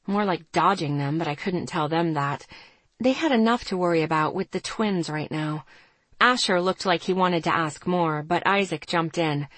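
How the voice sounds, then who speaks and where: A woman narrating a first-person story as an audiobook, steady and measured. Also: fairly low pitch, dry recording.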